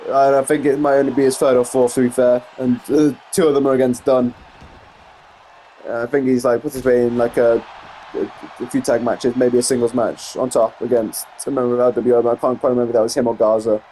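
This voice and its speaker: A man giving play-by-play commentary over a wrestling video game, getting excited on big moves and rambling into asides full of fillers. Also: mid-range voice, fast, slight background noise. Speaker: gameplay commentator.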